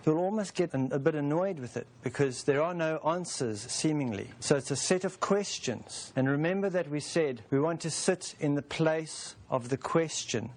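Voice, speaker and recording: A man in his forties giving a calm, unhurried spoken teaching session, explaining a self-help process through homely metaphors. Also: fairly high pitch. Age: 40s.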